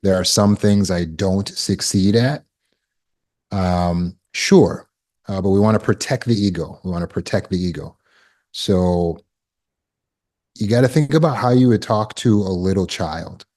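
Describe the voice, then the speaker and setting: A man with a deep, low voice leads a live online coaching class over a video call. He is encouraging, affirms answers with quick praise and keeps asking "right?". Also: a little mellow. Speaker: healing coach. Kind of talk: live online teaching session.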